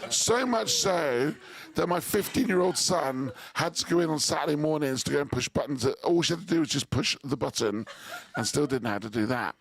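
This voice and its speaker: A man's voice: on the high side, animated, brisk, creaky, breathy edge. A man in his forties, a sleep-deprived radio presenter, teasing and laughing through casual banter in a studio. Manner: jokey, teasing, laughs often. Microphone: studio microphone.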